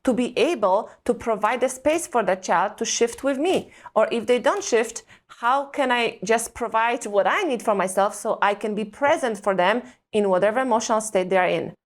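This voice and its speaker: Woman, fairly high voice, earnest, emphatic, asks herself questions. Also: animated, moderate pace, hardly any pauses. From Eastern Europe. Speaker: guest, conscious parenting coach. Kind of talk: reflective podcast interview talk.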